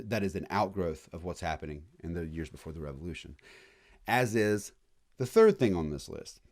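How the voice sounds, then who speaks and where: A man giving a casual college history lecture in a classroom, joking and acting out quick voices of historical groups. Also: lowish voice, a little mellow.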